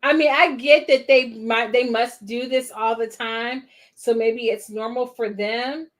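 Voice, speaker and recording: A woman's voice: fairly high pitch, steady tone, measured pace. A woman hosting a movie watch-along, talking back at the screen in disbelief in a chatty, rambling way with trailing restarts. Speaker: movie reaction host. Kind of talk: casual watch-along commentary.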